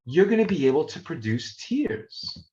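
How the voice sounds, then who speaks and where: Animated, playful male professor lecturing online. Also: unhurried, a little hiss or hum. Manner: animated, playful, talks to chat, swings pitch. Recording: dull lo-fi stream audio.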